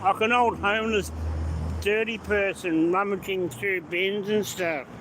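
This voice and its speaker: Driving on city streets, an Australian live-stream host chats casually with viewers, greeting them by name and replying to their comments. He speaks unhurriedly in a high, steady voice over background road noise from the car.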